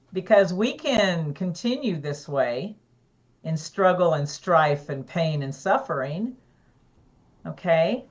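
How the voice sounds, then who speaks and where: A woman co-hosting a casual talk show, earnest and reflective, unhurried. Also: fairly low pitch, dull audio. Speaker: co-host. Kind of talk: casual chat.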